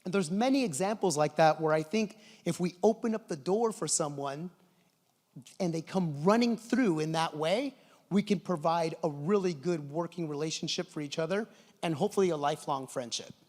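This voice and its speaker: On a large conference stage, a middle-aged presenter gives a keynote, telling stories with lively, animated enthusiasm at a moderate pace. His voice sits somewhat high for a man, and the big hall's long reverb trails every phrase.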